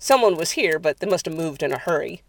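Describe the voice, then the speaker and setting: A narrator reading a horror story aloud in a measured, even way. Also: medium pitch.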